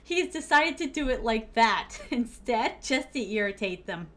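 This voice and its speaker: High-voiced, animated woman streamer. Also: a little slow. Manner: animated, rambling storyteller, laughs often. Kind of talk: casual game-stream chatter.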